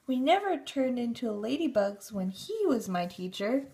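A woman doing a nervous high schoolgirl. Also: sing-song, normal speed, gravelly, dark tone, a little hiss or hum. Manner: anxious, urgent. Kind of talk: storybook reading.

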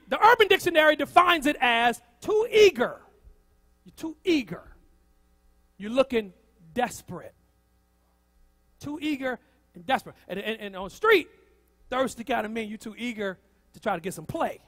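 A man's voice: extremely high pitch, normal speed, long pauses. A male pastor preaching a sermon, repeating lines and calling on the congregation to respond. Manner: lively preacher, repeats lines, calls on the crowd. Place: church. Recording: church hall reverb.

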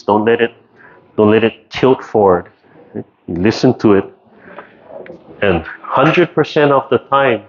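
A man teaching tai chi over a video call, relaxed and rambling, checking in with "right?" often. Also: mid-range voice. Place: community class, indoors. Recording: dull lo-fi video call audio with faint noise.

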